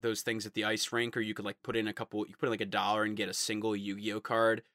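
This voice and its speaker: A man's voice: fast talker, no room sound, studio quality. A man co-hosting a podcast, telling stories in a loose, casual chat and acting out the people he quotes. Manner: animated storytelling, acting out quotes in high voices. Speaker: podcast co-host.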